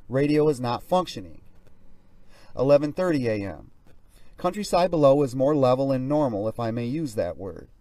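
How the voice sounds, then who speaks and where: A man reads a pilot's diary aloud in a steady, measured first-person voice. His mid-range voice sits a little back from the microphone. The room around it is dry and dead. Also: mid-range voice, dry recording, recorded from a distance. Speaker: narrator. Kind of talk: reading a flight diary aloud.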